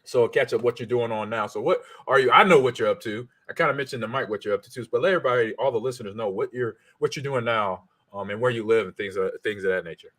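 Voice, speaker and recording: A man's voice: mid-range voice, fairly bright tone. A man hosting a podcast, chatty and easygoing in casual conversation. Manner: easygoing, chatty, quick to agree. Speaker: podcast host.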